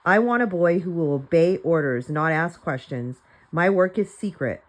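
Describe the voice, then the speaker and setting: Woman reader as an irritable, suspicious old man; gruff, orders barked, slightly low pitch. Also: animated, moderate pace, natural voice.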